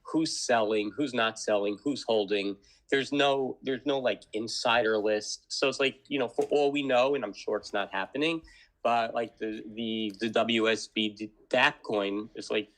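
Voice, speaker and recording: A man's voice: mid-range voice, fairly even intonation, normal speed, a bit bright. A man calling in as a guest on a podcast, talking casually with frequent restarts and questions.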